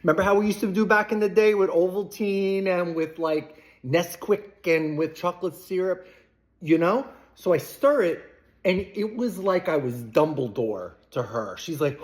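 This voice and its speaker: A man's voice: high-pitched, moderate pace. Chatty man rambling through an anecdote. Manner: rambling, chatty anecdote-telling with playful asides. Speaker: vlogger. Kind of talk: casual storytelling to camera.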